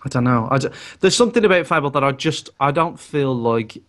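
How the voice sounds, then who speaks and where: A man's voice: medium pitch, expressive, fairly quick, a bit bright. A man from the Midlands, chatting on a gaming podcast in a hesitant way, restarting his sentences often. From English West Midlands. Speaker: podcast co-host. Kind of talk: casual gaming chat.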